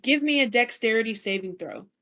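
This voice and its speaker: A woman's voice: on the high side, expressive, brisk, bright, forceful tone. A woman narrating as game master of a tabletop game, calling rolls and describing the enemies' turns.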